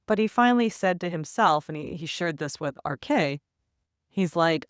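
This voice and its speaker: Animated woman in her fifties telling a story. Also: fairly low pitch, moderate pace, no room sound, clean studio sound. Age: 50s. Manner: animated, quotes others in lively asides. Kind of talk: casual storytelling.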